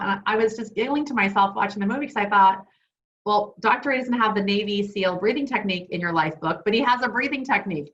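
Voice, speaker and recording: A woman's voice: mid-range voice, a bit bright. A woman co-hosting an online wellness webinar, chatty and enthusiastic, sharing personal stories as she teaches. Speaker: wellness program co-host. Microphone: video call. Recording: dull lo-fi video call audio.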